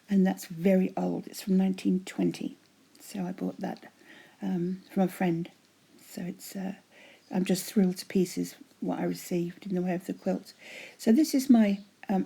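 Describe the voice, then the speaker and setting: Hoarse husky lady chatting about her crafts at home, half whispering, dark mellow tone. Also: lowish voice. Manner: chatty and gushing, drops to a breathy half-whisper. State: voice going hoarse. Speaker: craft vlogger showing giveaway prizes. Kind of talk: casual show-and-tell.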